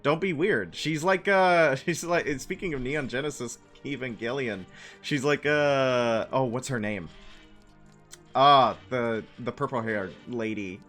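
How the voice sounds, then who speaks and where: A man streaming a game, chatting casually and rambling excitedly through quick asides. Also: mid-range voice, faint music behind. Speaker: gaming streamer. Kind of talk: casual gameplay chat.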